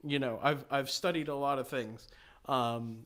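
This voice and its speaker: A man's voice: mid-range voice, fairly even intonation, moderate pace, fairly bright tone. Blunt opinionated guy who cooks for a living, just chatting. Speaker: cook, wine tasting guest. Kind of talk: casual chat.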